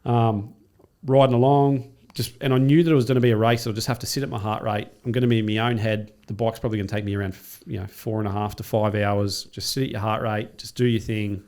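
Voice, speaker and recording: Fast-talking man telling a race story. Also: fairly low pitch. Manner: rapid, profane, animated retelling with acted-out quotes. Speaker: podcast guest, triathlete and coach. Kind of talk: casual storytelling.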